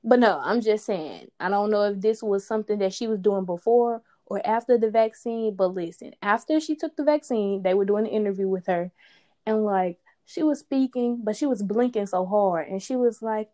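A young woman co-hosting a podcast, chatting casually and animated, often laughing. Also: mid-range voice, normal speed. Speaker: podcast co-host. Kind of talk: casual chat.

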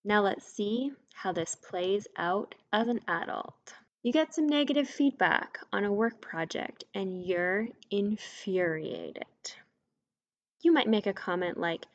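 A woman's voice: mid-range voice, slow pace. A woman talks straight to her listeners in a solo podcast, explaining ideas plainly and landing hard on the points that matter. Her voice sits in a middle register. The recording is a little dull and muffled. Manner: direct, conversational, emphatic on key points. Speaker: podcast host, mindset coach. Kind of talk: scripted solo podcast teaching.

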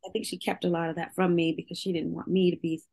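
Woman singer, interview guest: candid, emotional, given to laughter, lower-pitched voice. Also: level tone, fast, creaky, mellow.

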